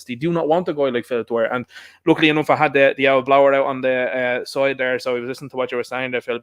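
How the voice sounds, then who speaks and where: An Irish man hosting a live stream, talking in a rapid, insistent way. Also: mid-range voice, clear, resonant tone, no echo. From Ireland. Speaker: host. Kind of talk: casual live-stream chat.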